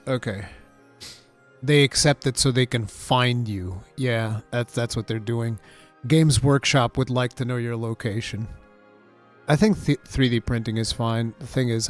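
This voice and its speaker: A man casually chatting on his stream while building models, his voice nasal and stuffy from allergies, telling stories in an animated, swearing way. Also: medium pitch. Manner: animated, profane storytelling.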